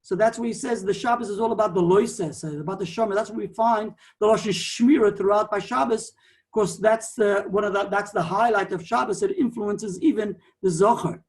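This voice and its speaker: A man, a rabbi, giving a digressive, animated Talmudic lecture peppered with Hebrew and Yiddish terms. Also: high voice, brisk. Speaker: rabbi teaching a Torah class.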